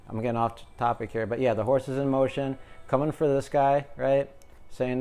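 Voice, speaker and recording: A man doing a relaxed tarot card reading for his viewers. He jokes and rambles as he talks, in a voice of ordinary pitch. Faint music plays in the background. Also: fairly quick, clear, resonant tone. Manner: jokey, chatty, talks to viewers as collective. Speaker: tarot reader.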